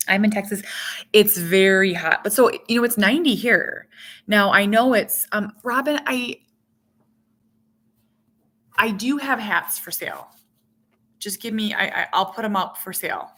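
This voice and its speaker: A woman's voice: mid-range voice, a little slow, long pauses, a bit bright. A middle-aged woman hosting a casual live stream, rambling chattily and reading out viewer comments as she goes.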